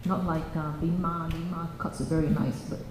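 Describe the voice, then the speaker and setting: A woman with a low, fairly even voice narrates a children's story in a church hall, with background noise and echo around her. She keeps stopping and starting again, her delivery halting and full of fillers.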